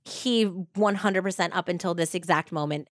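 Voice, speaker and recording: Chatty woman podcast host, lowish voice. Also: normal speed, no echo, clean studio sound. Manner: chatty, lots of "like" fillers. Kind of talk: casual true-crime storytelling.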